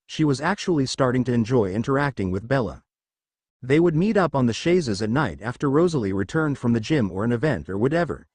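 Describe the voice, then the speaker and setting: Man narrating a story, lively pitch. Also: no room sound. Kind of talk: audiobook narration of fan fiction.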